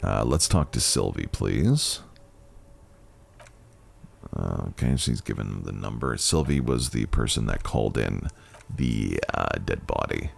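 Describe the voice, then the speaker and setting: A man's voice: extremely low pitch, unhurried, vocal fry, husky. A man hosting a game playthrough, reacting aloud and reading the game's text. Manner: animated, reacts and muses aloud. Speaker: gaming channel host.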